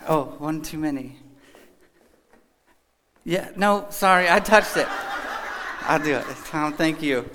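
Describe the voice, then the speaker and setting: A man from Kentucky speaks to a church crowd in a loose, chatty way, cracking jokes as he goes. His voice sits a little on the high side. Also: slow, long pauses, background noise. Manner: chatty, joking, folksy. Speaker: guest speaker. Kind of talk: casual church talk with jokes. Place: church hall.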